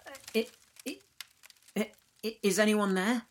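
A man's voice: high voice, unhurried, slight background noise, pitched above the performer's own voice. A man doing a nervous, stuttering young man.

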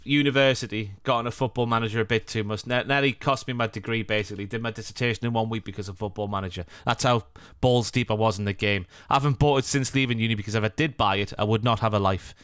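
Smooth dry-voiced young man joking around. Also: fairly low pitch, fairly even intonation, fast talker, a bit bright, no echo. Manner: jokey, self-deprecating banter. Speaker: podcast co-host. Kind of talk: casual chat.

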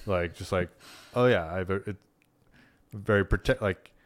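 A young man, a stand-up comedian telling a story in a casual podcast chat. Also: measured pace. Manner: animated, jumps into high-pitched voices when quoting people.

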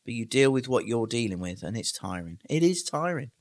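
A man's voice: mid-range voice, big pitch swings, fairly quick, a little mellow. A man co-hosting a podcast, chatting casually and explaining things in an easygoing way. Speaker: podcast co-host, guesthouse owner. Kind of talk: casual chat.

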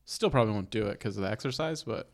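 A man's voice: on the low side, animated, fast. A young man co-hosting a casual chat, easygoing and asking curious questions. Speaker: podcast co-host.

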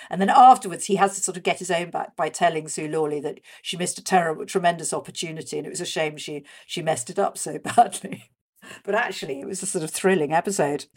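A woman speaking as an interview guest, chatty and animated, with many fillers and restarts. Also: fairly low pitch, slightly rough. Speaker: guest discussing a radio show's history. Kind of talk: conversational interview.

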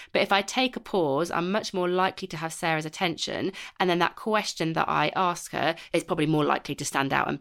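Low, gravelly-voiced British woman co-host. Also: fairly bright tone. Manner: explains with examples, many fillers. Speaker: podcast co-host. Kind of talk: casual podcast chat.

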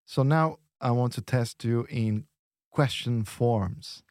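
A man teaching on a lesson podcast, patiently modelling phrases slowly and encouraging the learner. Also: mid-range voice, darkish tone, dry recording, clean studio sound. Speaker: Portuguese teacher.

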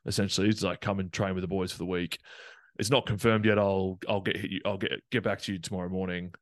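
Young guy talking fast, lots of likes and ums, low voice. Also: little pitch movement, no room sound, clean studio sound. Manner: fast, rambling, many fillers. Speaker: rugby player guest. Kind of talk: casual storytelling.

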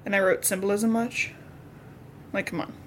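With a mid-range voice, level tone and moderate pace, a young woman co-hosts a podcast and casually walks through a novel's plot. She performs the characters' quoted lines in a chatty way, and a little hiss or hum sits in the recording.

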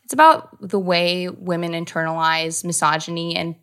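Bright-voiced woman, laughing comedic actor. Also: on the low side, normal speed, clean tone. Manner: animated, laughs often. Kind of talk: casual interview chat.

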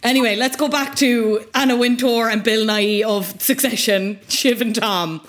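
A woman's voice: fairly high pitch, fairly even intonation, normal speed, a little hiss or hum. A woman hosting a podcast, chatting casually and jokily, swearing freely as she recaps a TV show. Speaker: podcast host.

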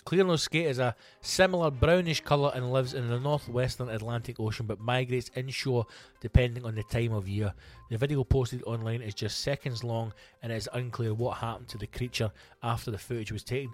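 A man's voice: mid-range voice, fairly even intonation, brisk. A man hosting a comedy podcast, reading odd news stories aloud with sweary, sarcastic asides. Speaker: podcast host. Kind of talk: comic podcast monologue.

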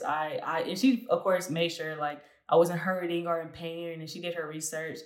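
A woman's voice: low-pitched, flat delivery, normal speed, few pauses. Young woman guest telling her story, chatty, laughs a lot, echoey room. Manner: chatty, laughs often, many "like" fillers. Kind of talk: casual storytelling interview. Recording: roomy echo.

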